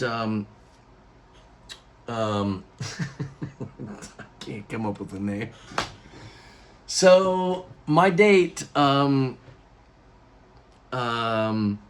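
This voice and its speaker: A man telling a personal story to camera in a casual vlog, rambling with restarts and jumping into other people's lines. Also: a little high. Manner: rambling, animated retelling with many restarts and acted quotes. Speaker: YouTuber.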